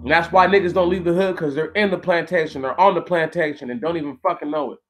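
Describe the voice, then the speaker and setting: A man's voice: fairly high pitch, fairly bright tone, rough recording. Blunt, profane man reading and ranting. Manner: blunt and profane, stops often to rant; reads haltingly, with restarts. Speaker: channel host. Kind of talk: reading aloud a history text and commenting.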